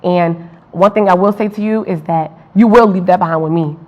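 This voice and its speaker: A woman's voice: fairly low pitch, a little fast. Encouraging woman interviewer, lo-fi sound. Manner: encouraging, frequent affirmations. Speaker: student interviewer. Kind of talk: casual interview conversation. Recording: dull lo-fi recording.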